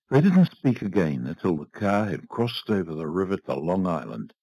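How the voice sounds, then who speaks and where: A man narrating a short story aloud in a measured, expressive reading. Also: sits low, no echo, dull audio. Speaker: reader. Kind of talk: audiobook narration.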